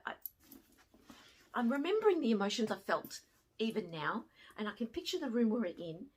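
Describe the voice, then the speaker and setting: A middle-aged woman from Australia telling a personal story to camera, swinging from hushed to excited. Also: mid-range voice, breathy edge. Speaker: fashion vlogger and former teacher.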